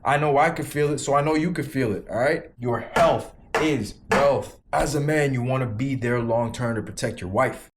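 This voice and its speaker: A man in his thirties delivers a forceful, motivational talk straight to the viewer. He hammers points home by repeating them and drops the odd casual swear word. A faint noise sits behind his voice. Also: mid-range voice, normal speed, hardly any pauses. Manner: emphatic, repeats lines for punch, swears casually. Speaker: vlogger giving quit-weed advice.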